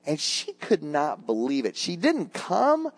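Older male pastor, animated storyteller, bright lively voice that swings widely, chatty with the congregation. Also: a little high, unhurried. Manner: conversational, addresses congregation as guys. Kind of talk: sermon.

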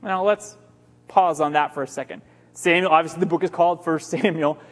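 High-voiced preacher in a reverberant hall. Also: male voice, fairly even intonation, brisk. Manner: conversational, emphatic storytelling. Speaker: pastor. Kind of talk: sermon.

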